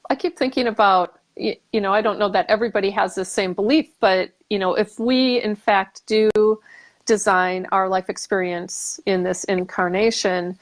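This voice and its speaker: A woman's voice: mid-range voice, steady tone, moderate pace. A woman hosting a casual talk show, speaking reflectively and thinking aloud with many fillers and restarts. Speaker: podcast host. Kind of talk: casual conversation.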